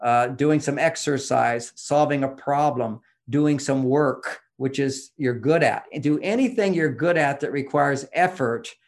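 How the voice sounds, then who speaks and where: A man's voice: mid-range voice, unhurried, hardly any pauses. A man explaining relationship advice in an interview, emphatic and teacherly, pushing his voice up on key points.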